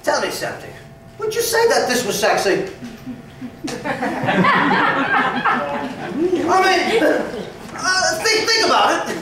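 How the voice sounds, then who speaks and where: A man's voice: very high voice, very animated, very slow, long pauses, exaggerated voice. A man playing a brash young working-class London man, cheeky and boastful, laughing a lot as he talks on a stage. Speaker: stage actor. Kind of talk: live musical theatre acting. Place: theatre stage. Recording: echoey theatre stage from far off, with band music.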